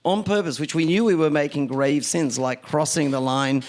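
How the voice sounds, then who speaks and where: An Australian man, a film director, telling stories in a lively, quick way onstage. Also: on the high side. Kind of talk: onstage conversation.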